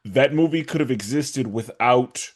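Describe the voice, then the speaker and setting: Hesitant man on a podcast. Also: medium pitch. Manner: hesitant, halting, with many fillers and restarts. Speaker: podcast co-host. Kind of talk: casual podcast chat.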